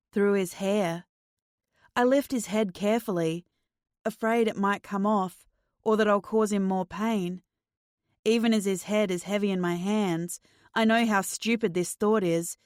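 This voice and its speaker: A woman narrating a first-person thriller audiobook in a slow, measured, tense way. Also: mid-range voice, no room sound, clean studio sound.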